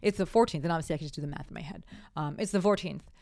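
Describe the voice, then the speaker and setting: A woman speaks very fast in a low-pitched, darkish voice with vocal fry while hosting her own casual podcast. Upbeat and chatty, she often corrects herself mid-sentence and signs off cheerfully, in a studio-quality recording without echo.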